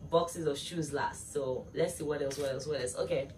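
A woman's voice: sits low, normal speed, a little mellow. A young woman, chatting casually and gushing to viewers as a vlogger. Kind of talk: casual unboxing chat to viewers. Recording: distant mic with clear room noise.

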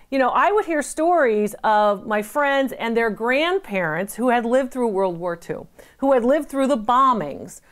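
A middle-aged woman from the United States, an antiques appraiser giving chatty, emphatic tips and digressing into anecdotes. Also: a little high.

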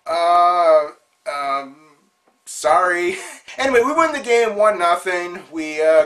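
High-voiced man telling a gaming story. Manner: animated, acts out quotes of friends. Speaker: host of a video show. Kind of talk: casual storytelling to camera.

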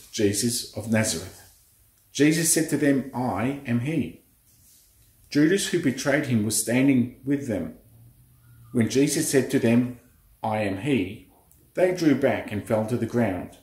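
A man's voice: medium pitch, a little mellow. A man reading a Bible passage aloud in a church service. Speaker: scripture reader. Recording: roomy echo.

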